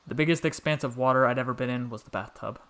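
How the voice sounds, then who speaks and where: Calm, soft-spoken male storyteller. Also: medium pitch, quick pace. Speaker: narrator. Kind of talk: scripted story narration.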